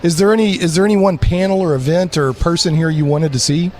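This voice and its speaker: A man's voice: on the high side, quick pace, darkish tone, a little hiss or hum. A man hosting a live radio broadcast from a comic convention floor, interviewing in a rambling, enthusiastic way with lots of restarts. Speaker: radio host.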